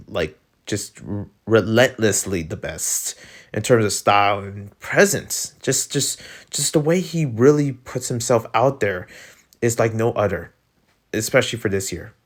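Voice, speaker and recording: A man with a Filipino accent gives casual, rambling, excitable commentary as a vlogger ranking breakdancers. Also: medium pitch. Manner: rambling and excitable, heavy on fillers.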